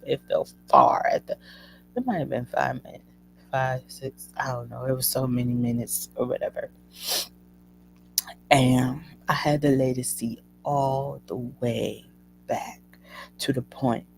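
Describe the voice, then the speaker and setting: A woman hosting a show, telling a personal story to her listeners in an emotional, animated way. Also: a bass voice, creaky, a little hiss or hum, rough recording. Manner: emotional, animated retelling addressing listeners as y'all. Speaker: host.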